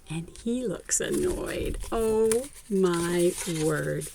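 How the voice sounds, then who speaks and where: A woman reading a picture book aloud to children, her pitch leaping around animatedly. She takes her time and talks to the little listeners directly, gasping at every surprise. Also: slow. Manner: expressive, child-directed, frequent gasps; talks directly to young viewers. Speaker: children's story reader.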